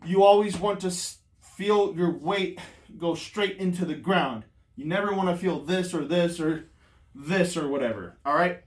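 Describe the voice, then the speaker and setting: Heard from away from the mic with a roomy echo, a man's high voice moves a little slowly. He's coaching hammer throw, winded from demonstrating the moves, and explains them in a loose, filler-heavy ramble.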